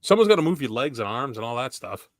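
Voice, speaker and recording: A man's voice: mid-range voice, very animated, fast talker, no room sound. A man co-hosting a podcast, running an easygoing round of questions in casual chat. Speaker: podcast co-host asking questions.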